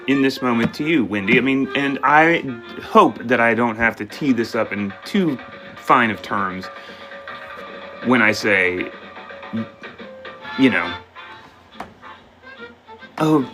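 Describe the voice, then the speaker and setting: A man reads tarot cards for his live audience in a bright, forward voice, often doubling back on himself as he thinks aloud. Soft music plays faintly under his rambling talk. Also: medium pitch, low-quality recording. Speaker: tarot reader and live-stream host. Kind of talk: live tarot reading, talking to viewers.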